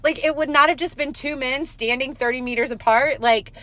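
A woman co-hosting a podcast, chatting casually and telling a story in an animated way, laughing often and filling her talk with "like.". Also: high voice, fairly quick. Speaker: podcast co-host. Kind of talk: casual chat.

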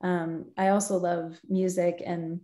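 A woman's voice: fairly low pitch, level tone, slow pace, dark tone. A middle-aged woman from the United States answering interview questions in a friendly, thoughtful way, laughing often. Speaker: guest, localization professional.

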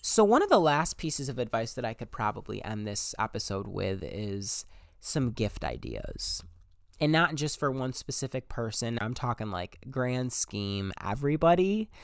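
Young man, podcast host, casual advice monologue, animated, cursing, slangy, dry recording. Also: mid-range voice, moderate pace, creaky, dry recording.

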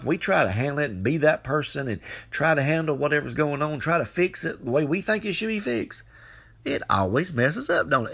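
A man's voice: creaky, a bit bright, slightly rough. A man preaching a devotional podcast sermon, repeating phrases and growing fervent as he urges listeners on. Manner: repetitive, fervent, rising pitch when exhorting.

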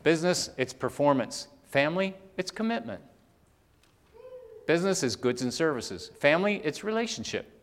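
A man delivering a sermon, rising to loud emphatic peaks and dropping to soft low asides while reading scripture. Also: big pitch swings. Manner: reads scripture aloud, often slowing for weight. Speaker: preacher. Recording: long hall reverb.

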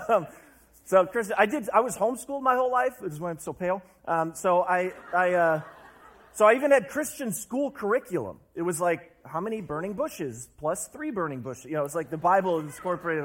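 Casual, self-deprecating young male preacher. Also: high voice. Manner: conversational and self-deprecating, with frequent laughs and fillers. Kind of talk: personal testimony sermon.

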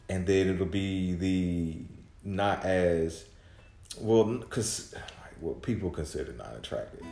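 A man with a very low voice rambles through a loose solo podcast, cursing freely and restarting his sentences. His voice echoes around the room. Faint guitar music plays underneath. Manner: rambling, profane, frequent restarts and mumbling. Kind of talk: casual solo monologue.

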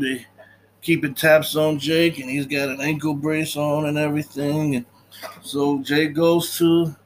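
A man's voice: fairly high pitch, slight background noise, low-quality recording. A man casually recapping a movie's story, loose and chatty, often acting out the characters' lines and laughing. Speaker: podcast host recapping a film. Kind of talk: casual film recap chat.

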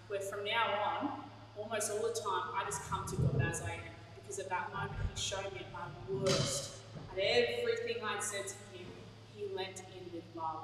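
A woman's voice: medium pitch, fairly bright tone, slight background noise. Chatty woman preaching in a hall. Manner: candid, chatty, laughs at herself. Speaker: pastor. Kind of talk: sermon. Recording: echoey hall, from far off.

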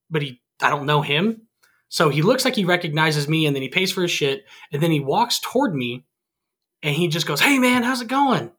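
Bright-voiced young man telling stories. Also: fairly high pitch. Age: 20s. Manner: animated, acts out both sides of conversations. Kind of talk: casual storytelling chat.

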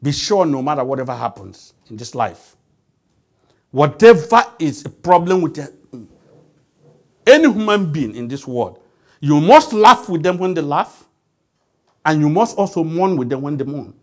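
A man's voice: fairly high pitch, big pitch swings, measured pace, long pauses. A man preaching a sermon, emphatic and quizzing the congregation with call-and-response questions.

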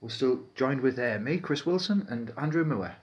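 A man with a North East English accent rambles through loose, jokey podcast banter at a middling pitch. He drifts from topic to topic and laughs at his own gags. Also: lively intonation, moderate pace, a little hiss or hum. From Peterlee, England. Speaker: podcast co-host. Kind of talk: casual banter.

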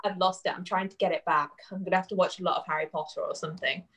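English woman, faded accent, podcast guest, relaxed playful chat, slightly low voice. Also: rapid-fire. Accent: English, softened by years in the Netherlands. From England. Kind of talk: casual chat.

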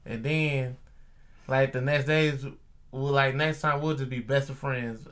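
Animated, bright-voiced young man telling stories. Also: mid-range voice, unhurried. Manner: animated, profane storyteller acting out quoted voices. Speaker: package delivery driver. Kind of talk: casual storytelling chat.

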